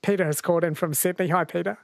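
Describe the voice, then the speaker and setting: A woman's voice: lowish voice, fairly even intonation, quick pace, vocal fry, darkish tone, no echo. A woman hosting a radio talk show who introduces guests and callers in a conversational way. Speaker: radio host.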